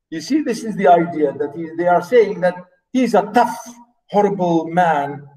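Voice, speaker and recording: A man with Arabic as his first language teaching a literature class, explaining slowly and repeating and paraphrasing each line. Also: high-pitched, lively intonation, dark tone, distant mic, low-quality recording. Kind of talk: classroom lecture.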